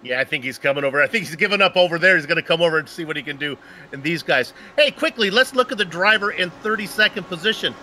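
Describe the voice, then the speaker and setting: Upbeat bright-voiced race co-commentator. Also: male voice, fairly high pitch, expressive, fast talker, a little hiss or hum. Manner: upbeat, joking, reads race stats. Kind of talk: sim racing commentary.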